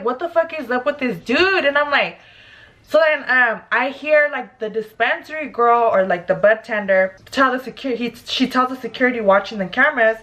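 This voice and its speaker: A young woman with a fairly high voice tells a story in a casual vlog while she does her makeup. She talks in an animated, profane way and leans hard on "like" as a filler. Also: highs cut off. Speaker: beauty vlogger.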